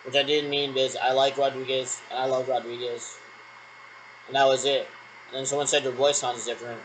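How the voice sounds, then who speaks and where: A man's voice: mid-range voice, level tone, brisk, a little hiss or hum, rough recording. A man in a rambling solo monologue who repeats himself and answers his own questions.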